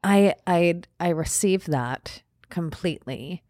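A woman who is a guest on a podcast, speaking in a measured, affirming way. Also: fairly low pitch, a little mellow, no echo, studio quality. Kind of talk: conversational interview.

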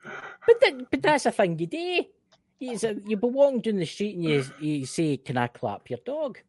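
This man from Scotland has a voice that sits high and a moderate pace, recorded with no room sound. He co-hosts a podcast in a casual chat, animated, exclaiming and frequently restarting.

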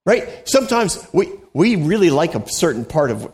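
A man's voice: on the high side, very animated, normal speed, few pauses, a little mellow. A man preaching a sermon as a pastor, in a conversational, joking way, acting out the voices he quotes.

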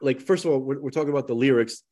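A man's voice: mid-range voice, very fast, dark tone. A man co-hosting a casual podcast chat, rambling and emphatic, with a slight lisp, talking to the listeners as folks. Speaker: podcast co-host.

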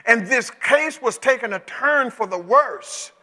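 A male pastor preaching a sermon in a conversational storytelling way that climbs to emotional shouts. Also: extremely high pitch, animated, measured pace. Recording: echoey hall with long reverb.

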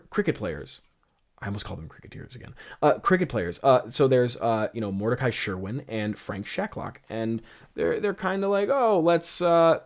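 A man hosting a comedy show, stammering and laughing as he reads and mocks his own old script. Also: mid-range voice. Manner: incredulous, laughing, stammering restarts. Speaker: host.

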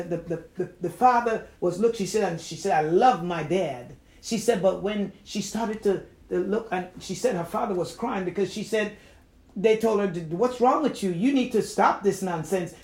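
A woman preaching a sermon, retelling a testimony in a hushed voice and then rising to impassioned shouts. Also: mid-range voice. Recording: echoey room.

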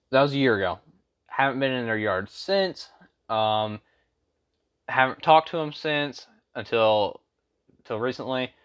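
A young man talks straight to the camera in a loose, rambling rant. He leans on fillers and slang, and his voice sits at an ordinary pitch for a man. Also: muffled recording. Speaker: vlogger. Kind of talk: casual storytime rant.

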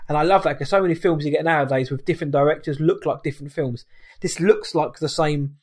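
Rambling man, higher voice. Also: steady tone, quick pace, slightly rough. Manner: rambling, self-correcting, laughs often. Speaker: film podcast co-host. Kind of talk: casual chat.

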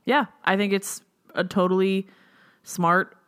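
A woman's voice: mid-range voice, steady tone, slow, fairly bright tone, smooth. A woman co-hosting a podcast, chatting casually and laughing, quoting people in asides. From United States. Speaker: podcast co-host. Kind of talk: casual recap chat.

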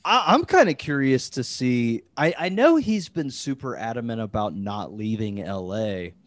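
A man's voice: mid-range voice, very animated, moderate pace, no echo. A man hosting a podcast in casual chat, rambling and profane, with lots of fillers. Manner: rambling, full of "like" and restarts, profane. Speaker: podcast host.

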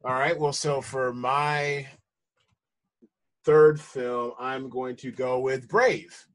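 A man's voice: mid-range voice, steady tone, takes it slowly. An American man co-hosting a podcast, chatting casually and rambling, with lots of restarts and easy laughs. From United States. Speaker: podcast co-host. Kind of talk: casual chat.

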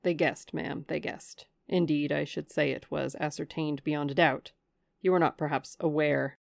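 A woman's voice: deep voice, steady tone, moderate pace, vocal fry, no echo, studio quality. Woman voicing a deferential middle-aged butler. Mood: confiding. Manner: deferential, confiding storyteller. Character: respectful middle-aged male former butler.

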